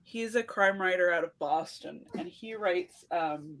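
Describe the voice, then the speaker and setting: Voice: mid-range voice, unhurried, a bit bright. An author on a casual panel, self-deprecating and laughing through the words.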